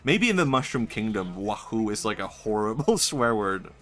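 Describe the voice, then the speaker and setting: Low-voiced joking male streamer. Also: sing-song, moderate pace, fairly bright tone, soft background music. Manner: joking, rambling, swears and laughs often. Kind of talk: casual gameplay commentary.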